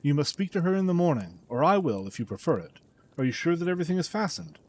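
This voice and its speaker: A man's voice: on the high side, very animated, quick pace. A man voicing an older male banker, a distraught father angrily accusing his son. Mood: stern. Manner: angry, shouting accusations. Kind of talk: audiobook character reading.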